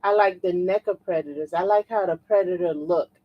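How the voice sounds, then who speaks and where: A woman's voice: on the low side, brisk, lo-fi sound. A woman co-hosting a live toy and pop culture stream, chatting informally and teasing her co-host. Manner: teasing, laughs often, informal. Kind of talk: casual live-stream chat.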